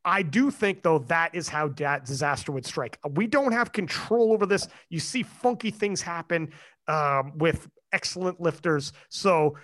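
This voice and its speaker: Casual host, male, higher-pitched, animated, salty language. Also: measured pace. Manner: animated and swearing, swings up and down. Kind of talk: casual chat.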